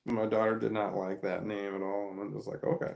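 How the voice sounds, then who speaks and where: A man's voice: fairly low pitch, flat delivery, fairly quick, creaky, a little mellow. A man telling a rambling family story in a casual, profane monologue, restarting his sentences often.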